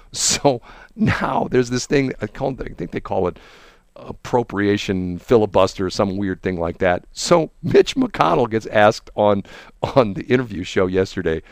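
A man's voice: animated, normal speed, gravelly, no room sound, clean studio sound. A man in casual political chat, mocking and laughing often as he tells a story. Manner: chatty, mocking, laughs often, mimics people in high voices. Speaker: co-host.

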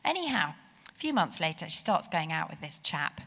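A woman's voice: sits low, normal speed, vocal fry, slightly rough. Woman, middle-aged, preaching, emphatic rises, long hall reverb. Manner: animated, rising emphasis on key phrases. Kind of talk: sermon with personal stories.

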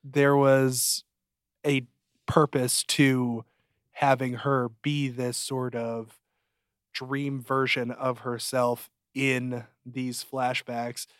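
Speaking very slowly in a level, mid-range voice, this man co-hosts a podcast and reviews a TV show in a joking, casual chat. His pitch leaps when he turns emphatic, and the studio-quality sound is clean, with no echo.

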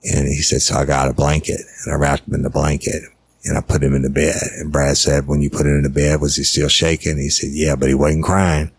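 A man's voice: a bass voice, completely flat delivery, fairly quick, husky. A middle-aged man, a former detective bluntly telling a case story with profanity and acting out the dialogue. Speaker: retired detective recounting a case. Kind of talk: casual storytelling.

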